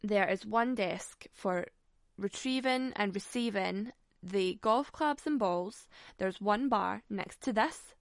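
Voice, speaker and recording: A young Scottish woman telling a funny story in a casual, animated way, swearing freely and laughing often. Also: medium pitch, slow pace, no room sound, clean studio sound.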